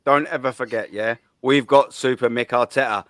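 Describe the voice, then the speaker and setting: Easygoing male host, middle pitch, casual chat-facing sign-off. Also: fairly even intonation, normal speed, no echo. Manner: laid-back, repetitive shout-outs. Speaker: stream host. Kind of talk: casual live stream sign-off.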